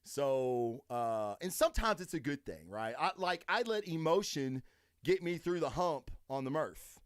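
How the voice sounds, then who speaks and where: A man's voice: fairly high pitch, expressive, measured pace, dry recording, clean studio sound. A man hosting a podcast, telling a story as a casual, profane rant and acting out his own lines as he goes. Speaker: podcast host.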